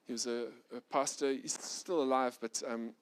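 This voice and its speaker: A middle-aged male pastor preaching a sermon, swinging from loud, urgent passages to soft, quiet ones. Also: slight background noise. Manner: animated preacher, rising loud and fast when intense, dropping soft and low.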